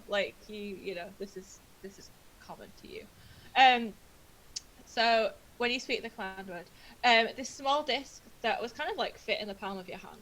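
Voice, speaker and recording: A woman's voice: a little high, a bit bright, rough recording. A woman running a tabletop game as game master, narrating with frequent laughter and rambling asides. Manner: giggly, rambling.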